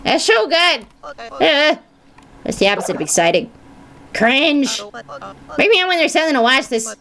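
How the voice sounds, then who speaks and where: A woman's voice: high-pitched, sing-song, moderate pace, gravelly, a bit bright, heavily acted. A woman voicing a sleepy, rambling gatekeeper from a video game who keeps losing her words. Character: drowsy gatekeeper who raises a heavy gate.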